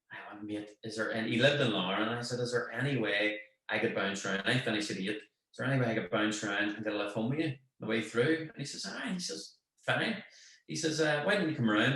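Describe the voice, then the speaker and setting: Echoey Northern Irish man telling stories. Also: fairly low pitch. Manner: animated anecdote, acts out quoted voices. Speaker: guest, football manager. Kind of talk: casual storytelling chat. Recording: very echoey room.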